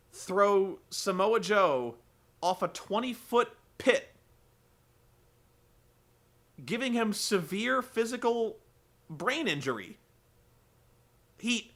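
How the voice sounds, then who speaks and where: Sarcastic high-voiced man recapping. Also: bright, forceful tone. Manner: sarcastic, rambling, profane. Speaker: show recap host. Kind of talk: comedic wrestling recap.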